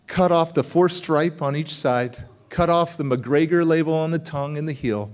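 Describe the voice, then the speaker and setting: A man with a notably high speaking voice delivers a motivational keynote. He tells stories in an animated way and acts out the dialogue of the people in them. He sounds middle-aged. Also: normal speed, clear, resonant tone. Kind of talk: storytelling keynote speech.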